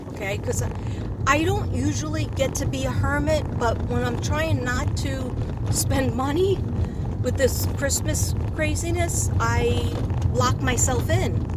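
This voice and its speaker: Woman, middle-aged, higher-pitched, chatty rambling vlog talk, self-mocking, inside a car with road noise. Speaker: vlogger. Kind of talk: rambling casual vlog chat. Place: inside a parked or moving car.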